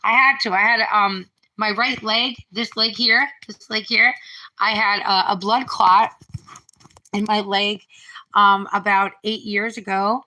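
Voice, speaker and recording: Unhurried and sharp-toned, a middle-aged woman with a mid-range voice and fairly even intonation rambles through a casual live stream from home. She reads out viewer comments and often restarts. The phone recording is rough.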